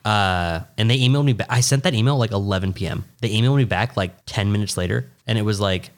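A man's voice: fairly low pitch, quick pace, few pauses. A young man, co-hosting a podcast in casual chat, laughing often and rambling with restarts. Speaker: podcast co-host.

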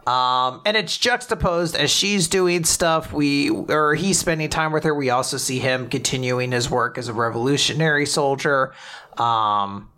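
A man with a bright, forward voice hosting a casual podcast and recapping comic chapters at his own steady pace. He talks in a chatty, loose way with lots of fillers and small restarts, and his voice sits in the middle of the male range. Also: mid-range voice, unhurried. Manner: chatty, filler-heavy, animated summarizing. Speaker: podcast host.

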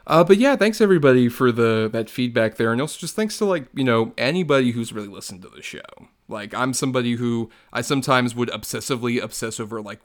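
A man's voice: medium pitch, animated, fast talker, hardly any pauses. A man co-hosting a podcast, reading listener messages aloud and chatting in an earnest, grateful way with easy laughter. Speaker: podcast co-host.

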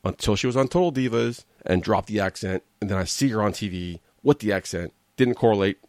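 A man's voice: fairly low pitch, fairly quick, darkish tone, dry recording, clean studio sound. A man hosting a wrestling recap show, giving a blunt, sarcastic and exasperated opinion rant in a casual way. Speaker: wrestling commentary host.

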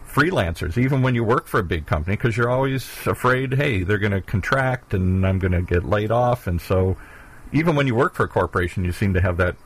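A middle-aged man with a very low, husky voice hosts a relaxed interview. He talks in a folksy way and often tags "here" onto the ends of his sentences. He asks plain questions and plays up his confusion at jargon. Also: poor audio. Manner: folksy, jokes about not understanding jargon, habitual "here" at line ends. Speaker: radio show host. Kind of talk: conversational interview.

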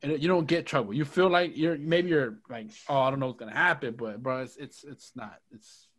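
A young man in casual podcast banter with a mid-range voice. He talks in a loose, joking way and keeps throwing in "bro" and "you know what I mean". He sounds relaxed, like he is hanging out with friends. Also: medium pitch, a little fast. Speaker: podcast co-host. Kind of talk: casual chat.

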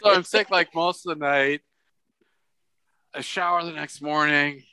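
A man's voice: a little high, a little slow, sharp tone, smooth, dry recording. A man co-hosting a podcast, telling a crude, profane comic story in casual chat. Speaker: podcast co-host.

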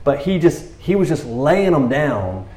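Brief: laid-back male preacher, lively pitch, casual chat style, roomy echo. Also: a little slow. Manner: chatty, laughs often, acts out the story in voices. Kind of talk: casual, animated sermon. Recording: echoey room.

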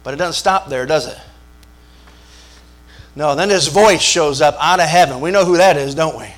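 A man's voice: fairly high pitch, moderate pace, fairly bright tone. A man preaching a sermon. He speaks emphatically, repeats his lines, calls out for amens and makes jokes. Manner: emphatic call-and-response preaching, repetitive, joking. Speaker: pastor.

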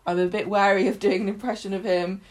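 A woman's voice: mid-range voice, steady tone, fast talker. Chatty woman, enthusiastic. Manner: chatty, enthusiastic, many fillers and restarts. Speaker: podcast co-host. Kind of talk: casual chat about a soap opera.

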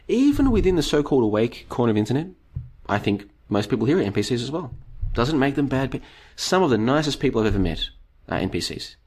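This live stream host has a medium-pitched, slightly mellow and somewhat rough voice that's tiring after two hours. He goes through chat comments, rambles extensively, and talks to viewers as folks with heaps of rhetorical questions.

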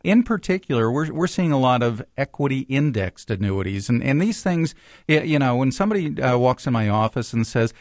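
Man, financial planner, radio talk, animated, explanatory, stumbling restarts, dry close sound. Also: mid-range voice, a little fast, no room sound. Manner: animated, explanatory, repeats words when starting sentences.

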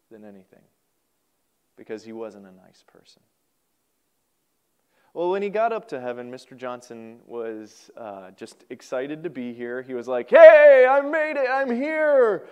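A male pastor preaching a sermon, telling a folksy story in an animated way. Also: mid-range voice, normal speed, pauses often, clear, resonant tone. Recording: podcast recording.

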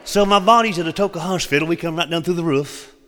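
A man's voice: on the high side, quick pace, sharp tone, big-room sound. A man from Oklahoma, preaching and telling a testimony in a folksy, humorous, dramatic way. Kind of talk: sermon testimony storytelling.

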